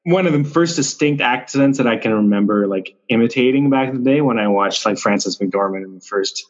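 A male actor, a podcast guest, chatting casually in a relaxed, rambling way with frequent restarts. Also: mid-range voice, a little fast, muffled recording. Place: Vancouver.

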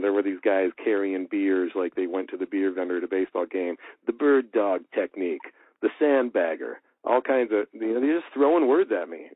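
Animated male voice actor on a tinny line. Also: fairly low pitch, no echo. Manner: animated, acts out quoted dialogue. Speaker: voice actor guest. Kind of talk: casual storytelling in an interview. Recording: tinny phone-like line, dry.

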